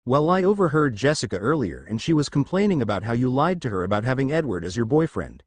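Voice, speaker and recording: A man's voice: mid-range voice, sing-song, quick pace, dry recording. A man voicing a big, boisterous teenage male vampire in a storybook reading. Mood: gossiping.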